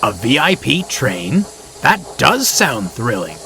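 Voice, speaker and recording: A man's voice: mid-range voice, big pitch swings, slow, pushed and bright, a little hiss or hum, heavily acted. A man voicing a good-natured, earnest male diesel engine.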